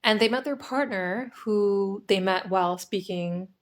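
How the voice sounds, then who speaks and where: A woman's voice: mid-range voice, unhurried. A young woman co-hosting a podcast in casual chat, telling a story thoughtfully and hedging with "I guess". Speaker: podcast co-host.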